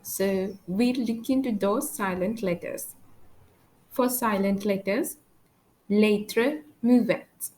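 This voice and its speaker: A woman teaching French, pronouncing letters and words slowly and carefully one at a time. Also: mid-range voice, a little mellow, poor audio. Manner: slow, careful letter-by-letter pronunciation. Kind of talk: slow spoken language lesson.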